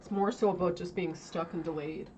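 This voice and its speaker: A woman's voice: on the low side, steady tone, a little fast, noisy background. A woman hosting a casual trading livestream, thinking aloud and asking viewers questions. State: chewing while talking. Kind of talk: casual live chart commentary.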